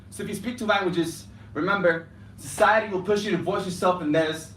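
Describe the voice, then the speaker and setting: A young man delivers rhythmic spoken word live in an indoor cafe performance space, mixing Spanish and English. His voice is high-pitched and fairly bright. Recorded from a distance by a room mic, the sound is echoey with slight background noise.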